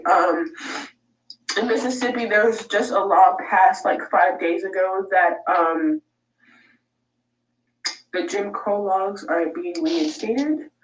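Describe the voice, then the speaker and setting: A woman's voice: medium pitch, distant mic, slight background noise. A woman in an emotional vlog rant, swearing, upset and close to tears. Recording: echoey room, away from mic.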